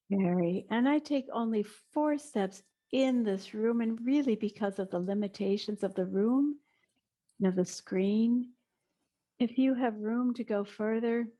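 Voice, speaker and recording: A middle-aged woman teaching a guided movement lesson indoors, giving slow, soothing instructions with soft breathy asides. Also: mid-range voice. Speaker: eurythmy teacher. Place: indoor room, small.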